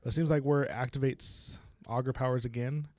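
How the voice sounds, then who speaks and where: A man's voice: medium pitch, steady tone, a little fast, a little mellow, no room sound, clean studio sound. A young man co-hosting a casual book podcast, retelling the story with frequent laughs and lots of "like". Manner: laughs often while retelling, uses "like" a lot. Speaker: podcast co-host.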